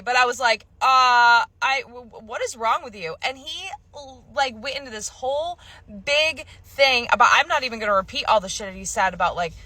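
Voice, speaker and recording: A woman tells a dating story with blunt, salty candor, voicing each side of the exchange. Her voice is bright and sits fairly high, and it is recorded close and dry. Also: dry recording. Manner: blunt and profane, quotes herself and others. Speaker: storyteller in a clip. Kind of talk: candid dating story told to camera.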